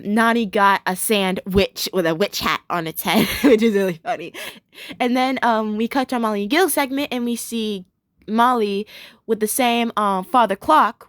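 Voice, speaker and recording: A woman's voice: medium pitch, a bit bright, dry recording, studio quality. A young woman casually recapping a cartoon episode, rambling with many fillers, giggling and gushing in bursts.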